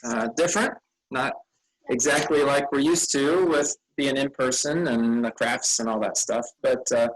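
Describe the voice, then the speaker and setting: Tired husky man chatting with kids. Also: medium pitch, measured pace, low-quality recording. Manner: rambling, friendly, loses his train of thought. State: tired, yawning. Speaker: vacation Bible school leader. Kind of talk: casual chat with children.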